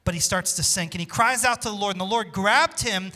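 High, bright-voiced male preacher. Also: brisk. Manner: emphatic preaching, asks the congregation for responses. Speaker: pastor. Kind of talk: sermon.

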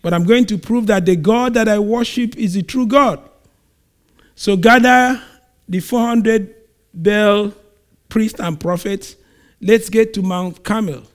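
A bold male prophet rebukes a king with a high, commanding voice, acted out by a preacher mid-sermon. The delivery is stern and preacherly rather than a full character voice. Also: slow.

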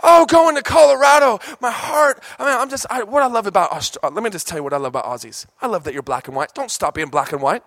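A male pastor preaching a sermon, swinging from shouted passion to hushed storytelling. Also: a little high, sing-song, fast talker, few pauses, dry recording. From United States.

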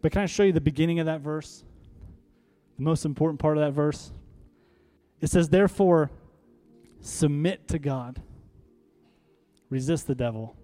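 A man's voice: on the high side, normal speed, long pauses, mellow. A man preaching a sermon, leading the congregation in call-and-response and building to emphatic, rallying peaks. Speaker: pastor. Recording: faint music behind.

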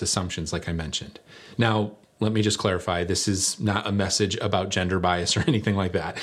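A middle-aged man preaching a sermon, telling a story in a conversational, self-deprecating way. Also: medium pitch.

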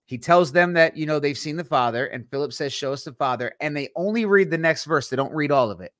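A man's voice: on the high side, expressive, fast, a bit bright, no room sound. Man explaining scripture, dry close sound. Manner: walks through scripture quoting verse by verse. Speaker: podcast co-host. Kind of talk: casual Bible discussion.

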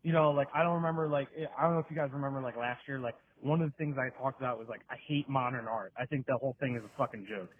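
A man's voice: medium pitch, quick pace, few pauses. A man leaving a rambling, profane voicemail full of fillers. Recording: tinny phone voicemail.

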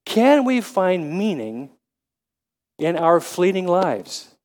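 A man in his seventies preaching a sermon, halting with frequent restarts, then rising to emphatic questions. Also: high-pitched, big pitch swings, darkish tone. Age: 70s. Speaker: lay preacher.

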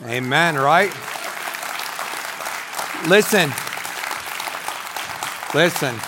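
A man in his forties, a pastor giving his testimony as a sermon on a church stage, telling his story with excitement and shouting at the high points. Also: very slow, crowd noise, noisy background. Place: church stage before a congregation.

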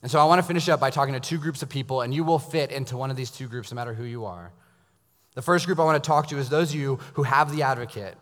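A man preaching a sermon as a pastor, telling stories and dropping to a hushed, intense tone for emphasis. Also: medium pitch, fast talker. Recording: long reverb of a large hall.

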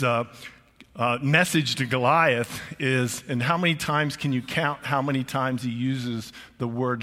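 A man's voice: mid-range voice, sharp tone. An older man preaching a conversational sermon as pastor, chatty and emphatic, often restarting his phrases. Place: church auditorium. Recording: long reverb of a large hall.

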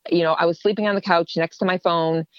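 A woman's voice: lowish voice, fast, smooth, no echo, muffled recording. A woman guest telling her personal story in an interview, acting out what people said to her. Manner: animated, acts out quoted dialogue.

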